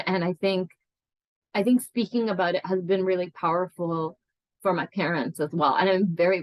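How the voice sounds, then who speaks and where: A woman's voice: lowish voice, no echo, low-quality recording. A woman in her forties telling her life story in an oral history interview, earnest and reflective, often restarting her sentences.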